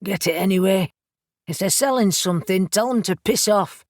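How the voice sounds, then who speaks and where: A woman reading the part of a quiet, cold male pack alpha who speaks tersely. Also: medium pitch, moderate pace, dry recording, studio quality, close to an everyday voice.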